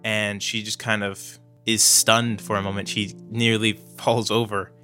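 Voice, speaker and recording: A man's voice: lowish voice, flat delivery, unhurried, sharp tone, soft background music. A man narrating as game master in a casual, hedging way, full of fillers.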